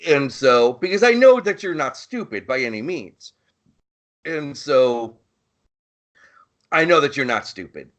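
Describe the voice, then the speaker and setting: A man's voice: medium pitch, sing-song, measured pace, long pauses, a bit bright, dull audio. A man co-hosting a podcast in casual chat, rambling and profane, often searching for his words. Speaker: podcast co-host.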